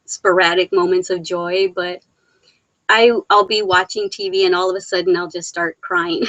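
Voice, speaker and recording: A woman's voice: fairly low pitch, level tone, normal speed, fairly bright tone, no echo, lo-fi sound. Teary, giggly middle-aged woman on laptop mic. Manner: giggly, laughs often between sentences. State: teary, on the verge of crying. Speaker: live Q&A host. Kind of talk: casual live-stream chat reading viewer comments. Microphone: laptop microphone.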